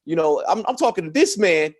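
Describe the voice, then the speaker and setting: Animated storytelling man, casual and profane. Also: on the high side, fairly quick. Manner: animated, profane, laughs through his story. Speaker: podcast guest.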